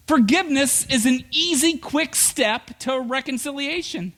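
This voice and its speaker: A middle-aged man preaching from the pulpit in a notably high voice that leaps wildly up and down. He tells humorous stories and delivers them with animated energy. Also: unhurried. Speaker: pastor. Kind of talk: sermon.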